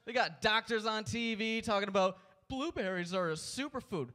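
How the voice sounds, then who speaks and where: Guy with a high voice doing a cussy stand-up rant at open mic. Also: animated, fairly quick, hardly any pauses, bright, forceful tone. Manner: profane, ranting, exasperated. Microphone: handheld stage mic.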